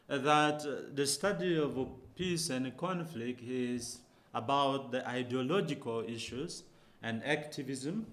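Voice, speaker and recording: Professor lecturing with rhetorical questions. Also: male voice, medium pitch, unhurried, a bit bright. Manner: rhetorical questions, frequent hesitations. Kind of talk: academic lecture.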